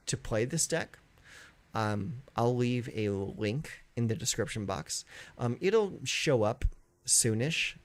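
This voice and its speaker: A man chatting casually on a live stream from his home, rambling with lots of fillers. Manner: rambling, filler-heavy, easygoing; high baby-talk when calling his dogs. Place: home in California.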